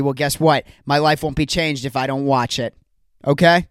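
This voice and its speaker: Young male podcaster, slightly high voice, exasperated comic rant, dry home mic. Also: steady tone, moderate pace, clear, resonant tone, no echo. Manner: exasperated, ranting, jokey asides. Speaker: podcast host. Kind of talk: solo comedic podcast rant. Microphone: home recording setup.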